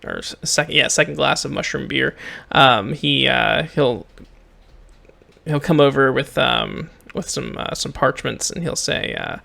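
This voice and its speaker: Gm guy narrating, slow and halting, lots of ums, gravelly bright voice. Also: medium pitch. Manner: halting, with many fillers. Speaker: game master. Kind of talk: narrating a tabletop game.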